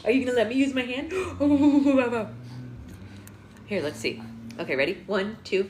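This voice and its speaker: A woman's voice: a little high, sing-song, takes it slowly, long pauses, a little mellow, slight background noise. A woman hosting a livestream, talking playful baby talk to an infant in a singsong, cooing way. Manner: singsong, exaggerated sweet cooing. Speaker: livestream book club host.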